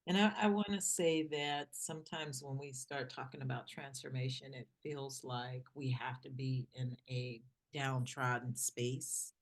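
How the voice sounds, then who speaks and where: A woman hosting a podcast, speaking in a calm, measured and reflective way as she asks questions and shares her own view. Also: extremely low pitch. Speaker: podcast host. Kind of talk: podcast interview.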